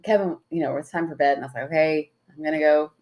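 A woman with a slightly low voice co-hosts a casual sister podcast. She tells her stories in a laid-back way, full of fillers like "like". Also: quick pace, highs cut off. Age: adult, married with daughters. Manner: relaxed storyteller, many fillers like "like". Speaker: podcast co-host. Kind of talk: casual chat.

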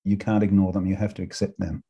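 A man's voice: deep voice, flat delivery, fast talker, vocal fry, warm tone, husky, lo-fi sound. An Australian man co-hosting a coaching podcast, telling stories in a chatty way, swearing freely and laughing often. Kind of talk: casual chat.

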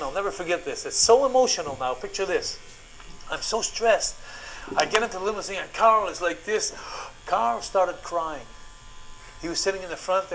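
Guy w/ as telling wild stories on a podcast, kinda high voice, faint hiss behind. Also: low-quality recording. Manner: animated anecdotes, acts out quotes. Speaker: guest, former wrestler. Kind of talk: casual storytelling on a podcast.

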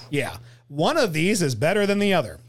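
High-voiced lively American podcast host. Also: male voice, moderate pace. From United States. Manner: reads trivia aloud, laughs often, swears casually. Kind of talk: casual movie podcast chat.

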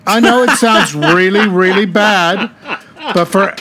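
A man from the United States co-hosts a casual talk show in a high voice. He is chatty and explains things at length. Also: slow pace, crowd noise. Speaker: co-host. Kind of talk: casual radio chat.

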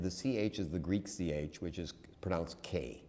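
A man's voice: low voice, very animated, fairly quick, few pauses, darkish tone. A man giving a classroom lecture in a conversational, digressive way, with frequent restarts and asides. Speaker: teacher.

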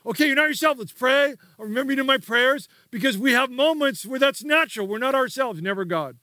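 A man's voice: very high-pitched, expressive, fairly quick, pushed and bright, dry recording, clean studio sound. A man preaching a sermon as pastor, emphatic and repetitive, prompting the congregation to repeat key words.

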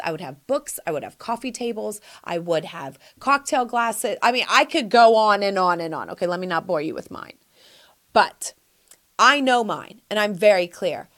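A middle-aged woman hosting an advice podcast, talking in a playful, encouraging and animated way. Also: medium pitch. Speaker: podcast host.

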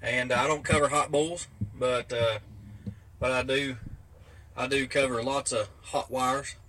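A man with a Southern US accent asking a question in a halting, playfully boastful way. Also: mid-range voice, steady tone, pushed and bright, a little hiss or hum. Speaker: viewer sending a video question.

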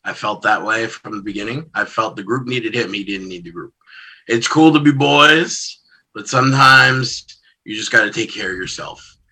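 A man who wrestles, answering a podcast interview question in a calm, matter-of-fact way. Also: fairly low pitch, normal speed, husky, low-quality recording.

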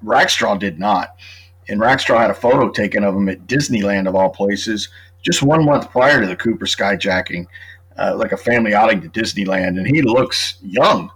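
Husky and on the low side, the voice belongs to a middle-aged author appearing as a true crime guest in a casual podcast chat. He moves at a normal speed with a fairly bright tone, chatting freely and assembling his argument step by step, though the audio is poor.

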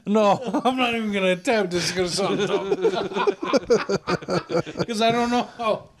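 A man's voice: high voice, sing-song, slow pace, a crowd in the background. A man in casual, crude chat who jokes around and drops into mocking voices. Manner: crude joking banter, slips into mocking voices.

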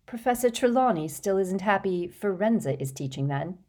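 A woman's voice: medium pitch, expressive, normal speed, a little mellow, lightly acted. A woman voicing an earnest teenage schoolboy who talks plainly and a little hesitantly.

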